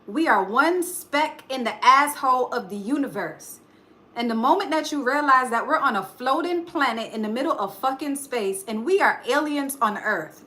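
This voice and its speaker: A woman's voice: on the high side, bright, forceful tone. A woman doing a live tarot reading, speaking emphatically in a preachy motivational way and swearing casually. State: choked up. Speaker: tarot reader.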